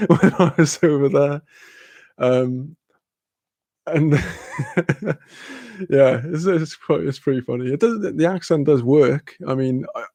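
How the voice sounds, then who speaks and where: Gravelly British guy chatting casually. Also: mid-range voice, warm tone, dry recording. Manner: rambling, laughs often, swears casually. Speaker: streamer chatting with viewers. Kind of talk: casual chat.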